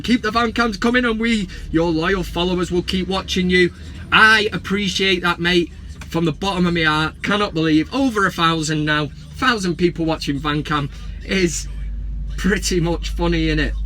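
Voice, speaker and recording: Sweary, excitable football fan. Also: male voice, high voice, slight background noise. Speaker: football vlog host. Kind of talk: casual fan vlog. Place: parked truck at a service station.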